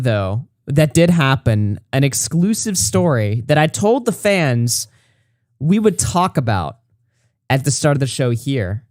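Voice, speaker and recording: A man hosting a podcast in casual chat, animated and profane, reacting loudly to a story. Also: fairly high pitch, no echo, studio quality. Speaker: podcast host.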